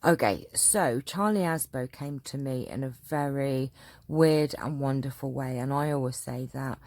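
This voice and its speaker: A chatty English woman answers viewer questions in a relaxed, rambling way, full of fillers and asides. Her voice sits low. The sound is dry and close. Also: measured pace, no echo. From England. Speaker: craft channel host. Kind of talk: casual Q&A chat.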